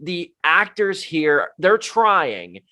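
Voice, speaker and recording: Bright-voiced rambling film critic man. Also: fairly high pitch, drawn-out words. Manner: animated, rambling with many fillers and restarts. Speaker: podcast co-host, film critic. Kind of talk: casual movie review chat.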